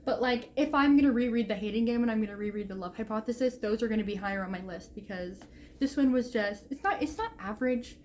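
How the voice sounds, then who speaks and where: A woman's voice: on the high side, fast, darkish tone, a little hiss or hum. A young adult woman vlogging about books she is reading, rambling and gushing with lots of "like". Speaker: book vlogger. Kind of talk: casual reading vlog chat. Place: home room, bad sound.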